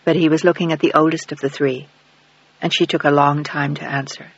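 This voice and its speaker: A man reads an audiobook in an even, measured way, with a high, husky voice. The recording sounds dull and lo-fi and is completely dry. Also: no room sound. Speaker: audiobook narrator. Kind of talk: scripted narration.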